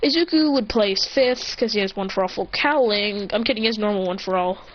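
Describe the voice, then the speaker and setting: A woman's voice: mid-range voice, brisk, highs cut off. A woman casually narrating an improvised fan-fiction story, rambling and correcting herself as she goes. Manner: rambling, self-correcting, giggly.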